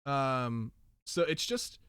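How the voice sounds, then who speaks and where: A man's voice: mid-range voice, big pitch swings, drawn-out words, a bit bright, clear, resonant tone, dry recording. A man hosting a casual podcast chat, rambling animatedly through tangents in a soundproofed home studio. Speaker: podcast host.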